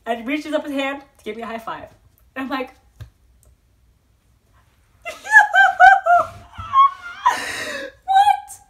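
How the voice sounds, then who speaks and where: A young woman telling an excited storytime vlog, rambling and giggly, with lots of fillers and restarts. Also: sits high, moderate pace, pauses often, very noisy. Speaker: vlogger.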